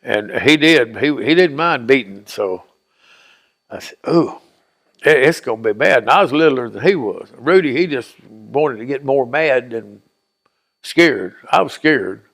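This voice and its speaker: A man's voice: mid-range voice, unhurried. An older man with a Tennessee accent, telling folksy stories in a rambling, colloquial way. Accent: Southern US, Tennessee. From Stewart County, Tennessee. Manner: rambling, colloquial, animated retelling. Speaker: interviewee. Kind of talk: folksy storytelling.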